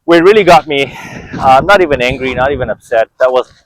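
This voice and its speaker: A man's voice: mid-range voice, fast, no echo, low-quality recording. A man talking candidly to his viewers about his own life, conversational, often stopping to ask "right?". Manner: conversational, repeats words, asks the viewer "right?". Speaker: vlogger. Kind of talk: candid personal storytelling to camera.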